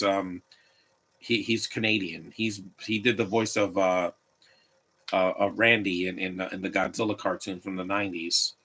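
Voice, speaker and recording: A man's voice: lowish voice, pushed and bright, husky. A man giving live watch-along commentary on a movie, opinionated and rambling, often restarting his sentences.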